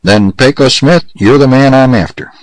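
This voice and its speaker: A man reading a rough, nervous frontier lawman with a husky voice. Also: medium pitch, normal speed, no echo, pitched above the performer's own voice, natural voice. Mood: wary.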